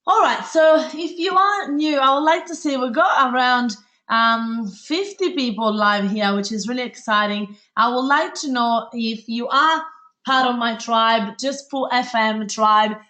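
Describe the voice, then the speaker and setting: Woman, Italian accent, webinar host, fast, bubbly, chatty, many fillers, slightly high-pitched. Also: sharp tone. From Italy. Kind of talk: live webinar presentation.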